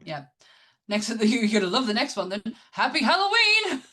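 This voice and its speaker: A woman's voice: mid-range voice, fairly quick. Chatty British woman podcaster. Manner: chatty, laughs often, many ums and restarts. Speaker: podcast co-host. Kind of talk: casual podcast chat.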